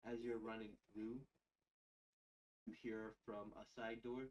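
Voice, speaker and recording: A man narrating as game master of a tabletop game, halting with many fillers. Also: fairly low pitch, level tone, far from the mic, dull audio.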